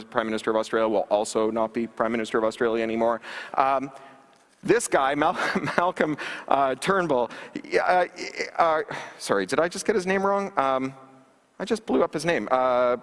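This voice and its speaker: A man's voice: mid-range voice, a bit bright. A man giving a conference keynote talk, wry and sarcastic, with frequent ums and restarts. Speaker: conference speaker. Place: large conference hall stage. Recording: long reverb of a large hall.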